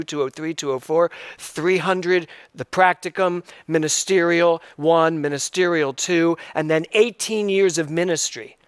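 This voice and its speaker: A man's voice: fairly high pitch, dry recording, studio quality. Emphatic middle-aged male minister. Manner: conversational, emphatic, repeats key phrases. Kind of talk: sermon.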